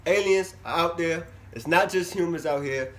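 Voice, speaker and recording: A young man vlogging casually to camera, chatty and animated, his voice swinging from loud bursts to low mumbles. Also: moderate pace. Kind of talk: casual vlog talk to camera.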